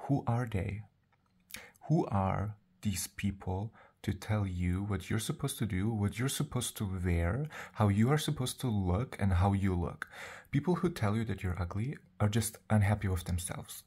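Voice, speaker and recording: A man talks straight to the camera in a loose, rambling vlog, stopping and restarting his thoughts. His voice sits low and mellow. He sounds confident and sassy. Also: measured pace, breathy edge. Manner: rambling, chatty, full of "like" and "um"; self-assured, sassy. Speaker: vlogger. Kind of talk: casual vlog monologue.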